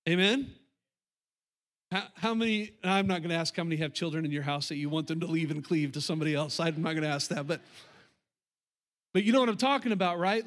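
A man's voice: high-pitched, moderate pace, fairly bright tone. A middle-aged male pastor preaching a sermon, emphatic and repetitive, talking straight to the congregation.

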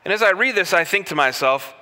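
A man preaching a sermon, telling the story with lively rhetorical questions. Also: high voice, fast. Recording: echoey hall reverb.

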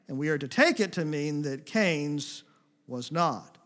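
High-voiced man preaching a sermon. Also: animated, a little slow. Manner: swings between emphatic preaching and soft, hushed asides; paraphrases God's words in a gentle, intimate voice. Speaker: pastor.

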